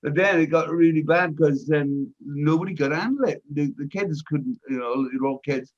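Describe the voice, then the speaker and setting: An older man hosting a casual chat, telling a loud, profane anecdote with lots of energy. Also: a little high, moderate pace. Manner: profane, animated anecdote-teller. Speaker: host. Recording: dull, lo-fi audio.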